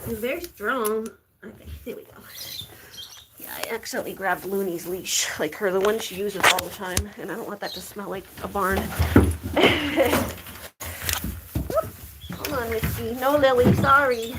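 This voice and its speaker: A woman's voice: mid-range voice, measured pace, pauses often, heavy background noise. A woman chatting casually in a vlog while caring for her farm animals, talking sweetly to them. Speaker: animal vlogger.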